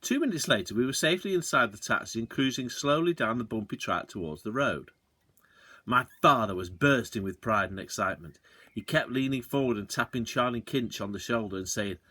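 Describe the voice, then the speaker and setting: A man's voice: mid-range voice, normal speed, slightly rough, dry recording. A man reads a children's chapter book aloud like a teacher. His voice moves up and down with real expression as he narrates. The recording is dry and close, with no room sound. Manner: expressive, switches between character voices. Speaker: teacher reading to pupils. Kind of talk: storybook read-aloud.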